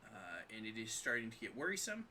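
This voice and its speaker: A man narrating as game master of a tabletop game, speaking in a halting way full of pauses and ums. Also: fairly low pitch, sing-song, sharp tone, a little hiss or hum.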